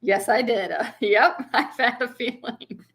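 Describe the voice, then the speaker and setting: A woman's voice: fairly high pitch, measured pace, a bit bright. A young woman casually chatting on a livestream, laughing often and answering viewers' comments. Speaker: vlogger hosting a livestream.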